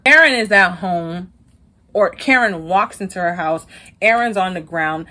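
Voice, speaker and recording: A woman's voice: fairly low pitch, pushed and bright. Chatty woman recapping a TV episode. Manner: chatty, retells scenes in quick bursts. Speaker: TV recap host.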